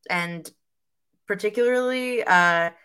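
A woman chatting on a podcast, enthusiastic and halting, with many fillers and restarts. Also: mid-range voice, bright, forceful tone, clear, resonant tone. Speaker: podcast co-host. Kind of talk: casual chat.

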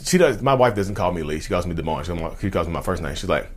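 A man with a fairly low voice tells a personal story to his viewers at a quick clip. He talks casually and acts out both sides of each exchange, jumping up high for the other voices. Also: slightly rough. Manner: animated retelling, acts out dialogue, says "y'all". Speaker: vlogger sharing personal story.

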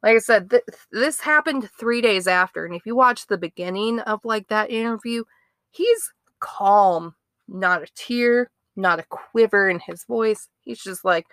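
A woman's voice: medium pitch, measured pace, a bit bright, no echo, clean studio sound. A woman hosting a true-crime podcast, chatting casually and reacting with disbelief. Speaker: podcast host.

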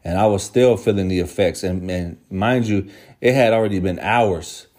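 A man's voice: low-pitched, moderate pace, darkish tone. A man telling a story from his own life in a rambling, slangy way, swearing constantly. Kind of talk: casual storytelling monologue.

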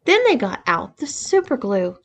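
A woman's voice: fairly high pitch, big pitch swings, moderate pace. A woman reading the part of a sheepish young man recounting a story, matter-of-fact.

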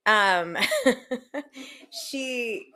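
A woman co-hosting a relaxed podcast chat. Her voice sits a touch high and she tells stories animatedly, slipping into the voices of the people she quotes. She keeps the tone loose and conversational. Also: very slow. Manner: animated storyteller who acts out quoted voices. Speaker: co-host, biological mom.

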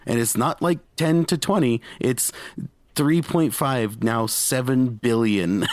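A young man co-hosting a podcast in casual chat, excitable and quick to laugh, with lots of fillers. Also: mid-range voice, background noise. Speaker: podcast co-host.

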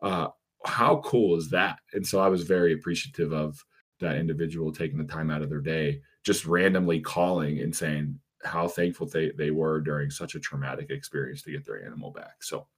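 A man with a low, husky voice hosts a casual podcast. He tells stories in a relaxed, chatty way. His speech is full of fillers and restarts. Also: brisk. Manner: relaxed, storytelling, frequent fillers. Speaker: podcast host and animal protection officer.

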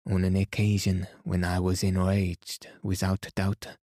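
A man voicing a fussy, excitable elderly detective in a bedtime storybook reading, speaking in halting jerks. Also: low-pitched, no echo, studio quality. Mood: placid. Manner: jerky, halting delivery.

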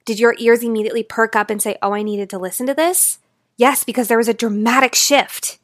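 A woman with a fairly high voice coaching her podcast listeners directly. She jumps between quick, punchy bursts and slow, hushed passages. The sound is close and dry, with no room around it. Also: fairly even intonation, dry recording. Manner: dramatic shifts between fast loud and slow quiet delivery. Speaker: life coach.

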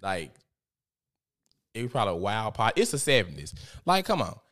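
A man's voice: fairly low pitch, sing-song, normal speed, a bit bright. A man giving casual, profane, gossipy commentary as host, often laughing.

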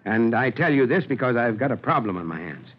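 An actor playing a kindly, gruff old fire chief in a 1940s radio drama, fatherly and teasing, on a dull lo-fi old radio recording. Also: medium pitch, sing-song, fairly quick. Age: older.

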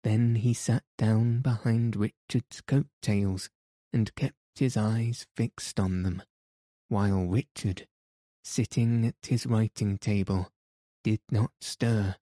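A man reading a novel aloud in steady, deliberate scripted narration. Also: fairly low pitch, dry recording, clean studio sound. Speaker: audiobook narrator.

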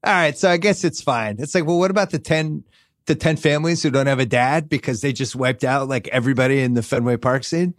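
Podcast host man, mid-pitched and dry. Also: fairly quick, dry recording. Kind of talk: casual sports podcast chat.

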